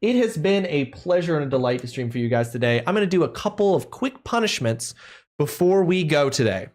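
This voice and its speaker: A man's voice: a little high, big pitch swings, fairly quick, darkish tone. A man streaming a video game live, joking around and talking to his chat between gameplay. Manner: playful, jokey, talks to chat. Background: game music.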